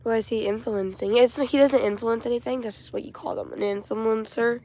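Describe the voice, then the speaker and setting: A young woman with an Arkansas Southern accent and a raspy voice, chatting on a farm livestream and reading viewer comments aloud. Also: on the high side, steady tone, brisk, darkish tone. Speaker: co-host, daughter. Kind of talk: casual livestream chat. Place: outdoors on a farm.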